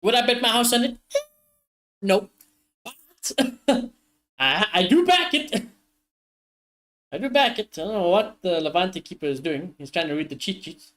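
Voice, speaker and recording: A high-voiced man streams a live football watchalong. He reacts loudly to every chance, swears freely and keeps calling out to his viewers. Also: unhurried, pauses often. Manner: excitable, swears often, talks straight to viewers.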